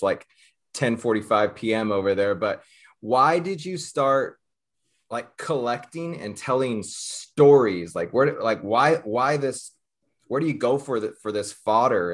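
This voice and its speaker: A man hosting an interview, asking rambling questions full of fillers. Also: on the low side. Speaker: podcast host. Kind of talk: casual interview talk.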